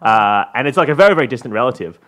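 An Australian man co-hosts a comedic chat, rambling through his points with restarts and filler words. His pitch swings widely as he talks, lively and animated. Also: rapid-fire. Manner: rambling, full of restarts and "like", laughs often. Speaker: podcast co-host.

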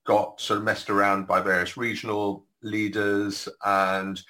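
A British man appears as a podcast guest, sharing political anecdotes in a digressive way full of wry asides. His voice sits on the low side, with a level tone, a measured pace, and a pushed, bright quality. The recording is low quality.

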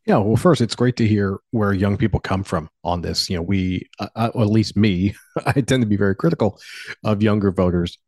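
A man's voice: on the low side, normal speed, no echo. A man giving opinionated political commentary as a talk show guest, arguing his points with energy. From Pennsylvania. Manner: opinionated, animated argument.

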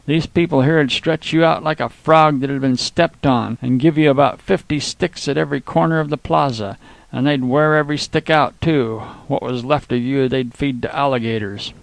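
A man's voice: mid-range voice, steady tone, moderate pace, creaky, no room sound, lightly acted. A man voicing a scheming, drunken American consul who blusters and threatens. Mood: blustering. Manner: blustering, angry.

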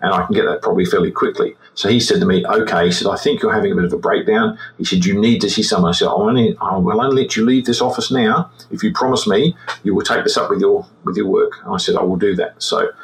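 A retired forensic examiner in his sixties, an Australian man, tells his story in an interview with a lowish, steady voice. He speaks haltingly, often repeating words as he recounts events. The recording is rough.

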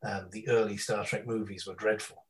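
A man chatting casually as a podcast guest, telling rambling stories with lots of ums and quick impressions. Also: on the low side, little pitch movement, low-quality recording.

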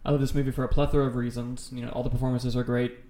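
A man's voice: medium pitch, little pitch movement, rapid-fire, warm tone, a little hiss or hum. A man co-hosting a casual podcast, talking about horror films with enthusiasm and a lot of swearing. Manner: enthusiastic, rambling, swears freely. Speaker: podcast co-host. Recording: roomy echo.

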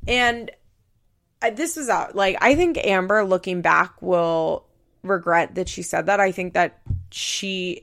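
Chatty woman with a gravelly voice. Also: fairly low pitch, a bit bright. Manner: chatty, uses "like" a lot, acts out quotes. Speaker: podcast host. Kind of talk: casual recap chat.

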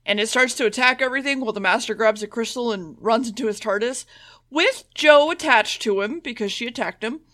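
A woman with a slightly high, bright voice rattles through a plot summary as a podcast co-host. She is flippant and sweary, and she slips into quick voiced quotes. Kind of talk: casual plot recap.

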